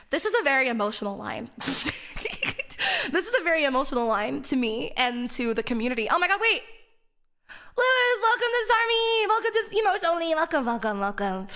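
A woman's voice: high voice, big pitch swings, a little fast, fairly bright tone. A woman streamer chatting casually in a giggly, playful, joking way. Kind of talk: casual chat.

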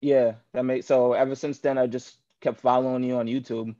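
A man's voice: medium pitch, level tone, brisk, dark tone. A man from Queens, New York, a guest on a live show, answering hesitantly with many fillers. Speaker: guest caller. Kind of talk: casual interview on a live stream. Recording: dull, lo-fi call audio.

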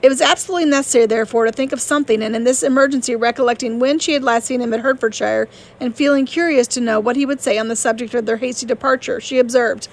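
A woman narrating a classic novel as an audiobook reader, steady and measured. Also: fairly high pitch.

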